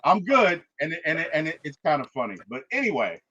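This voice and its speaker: High, lively man retelling a film plot. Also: quick pace, husky, highs cut off. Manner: emphatic, repeats points with "okay?" and "right?". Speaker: movie review host.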